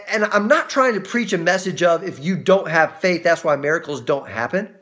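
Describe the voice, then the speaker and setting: With a high voice, a man teaches from a Bible passage in his role as pastor. He talks conversationally, restarting often, and becomes lively as he acts out the quoted voices.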